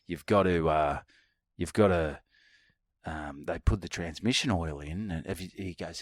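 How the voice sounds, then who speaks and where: A man's voice: sits low, expressive, normal speed, dry recording, clean studio sound. An Australian man co-hosting a podcast, telling a long rambling story in casual banter and swearing freely. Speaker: podcast co-host.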